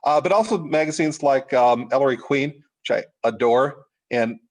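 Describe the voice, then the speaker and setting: A middle-aged man leading an informal writing workshop, talking in a halting way with many restarts and fillers. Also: medium pitch, rough recording. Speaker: writing teacher.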